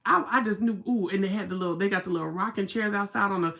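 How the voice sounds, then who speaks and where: A woman's voice: mid-range voice, fast, gravelly, pushed and bright. A Southern American woman hosting a casual livestream, chatting, reading viewer comments aloud and telling stories. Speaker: livestream host.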